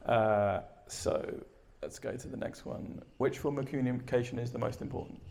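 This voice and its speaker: Male conference speaker, gravelly, energetic storyteller who asks the room questions. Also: medium pitch, normal speed. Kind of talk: live talk and Q and A. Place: event room with an audience.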